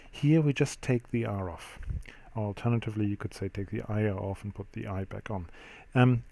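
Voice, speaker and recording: Male language teacher, low and warm, patient explainer with plenty of ums. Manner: explanatory, steady, with frequent ums. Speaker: French teacher. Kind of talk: classroom-style grammar lesson.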